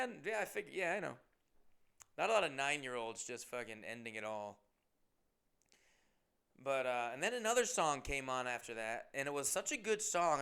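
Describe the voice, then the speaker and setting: Gravelly, bright-voiced man telling stories. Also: medium pitch. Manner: rambling, profane, self-deprecating. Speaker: comedian and podcast host. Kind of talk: casual storytelling monologue.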